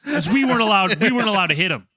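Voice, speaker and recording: A man on a podcast telling a story in casual chat, animated and profane, acting out quotes loudly. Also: high voice, very fast, no echo. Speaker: podcast co-host.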